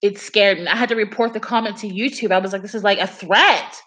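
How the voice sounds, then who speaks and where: A woman's voice: mid-range voice, fairly even intonation, quick pace, fairly bright tone, husky. A young woman chatting casually on a livestream, telling a story in a rambling way full of fillers. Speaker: livestream host.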